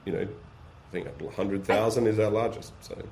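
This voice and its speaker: A man's voice: on the low side, fairly even intonation, moderate pace, darkish tone, a little hiss or hum. A man on a podcast interview, explaining energetically with practical examples and rhetorical questions. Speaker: guest, beef supply chain business. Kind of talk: casual podcast conversation.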